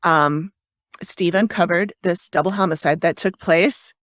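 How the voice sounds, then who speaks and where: A woman's voice: fairly low pitch, unhurried, fairly bright tone, dry recording, studio quality. A woman co-hosting a casual true-crime podcast, chatty and hesitant, with frequent fillers and restarts. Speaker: podcast co-host.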